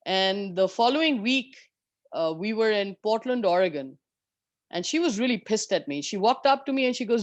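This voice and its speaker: Woman, golf pro guest, animated storyteller, candid, dry close recording. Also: mid-range voice, moderate pace, no room sound, dull audio. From India. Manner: animated, candid, swears freely. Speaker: professional golfer guest. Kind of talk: storytelling in an interview.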